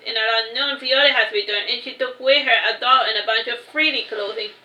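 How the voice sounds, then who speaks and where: Bright-voiced woman reading her story. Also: on the high side, brisk, hardly any pauses, muffled recording. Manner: unpolished reading with self-corrections. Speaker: author reading her own book. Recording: roomy echo.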